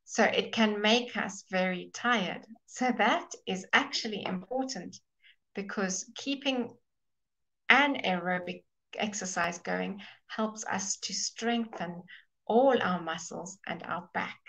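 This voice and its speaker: A woman teaching a live online English class, explaining slowly and patiently and sounding out of breath. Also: mid-range voice, vocal fry, a bit bright, rough recording. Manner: slow, explaining patiently, with fillers and restarts. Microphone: webcam or computer mic.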